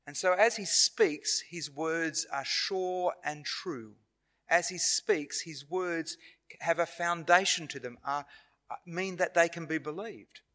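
A man with an Australian accent preaching a sermon in a church, earnest and measured, with pauses and self-corrections. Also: fairly high pitch, sharp tone.

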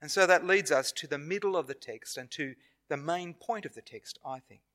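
An Australian man gives a sermon in church with a fairly high, pushed, bright voice. He stays earnest and measured, though he pauses and corrects himself along the way.

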